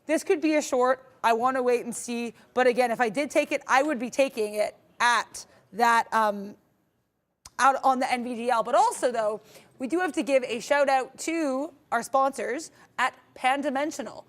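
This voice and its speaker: Woman, young adult, somewhat high voice, chatty and enthusiastic, live trading commentary. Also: moderate pace. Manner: chatty, enthusiastic, many fillers and restarts. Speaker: day-trading stream co-host.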